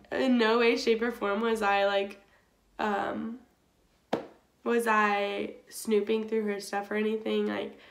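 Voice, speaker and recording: A young YouTuber with a fairly high, fairly bright voice recounts a storytime tale in a chatty manner. "Like" comes up again and again, and the recording echoes around the room.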